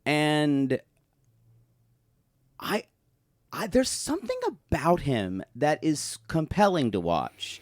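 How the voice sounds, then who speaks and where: Rambling man, lively pitch. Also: dry recording, studio quality. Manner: rambling, restarts often, does quick impressions. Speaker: podcast co-host. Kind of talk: casual recap chat.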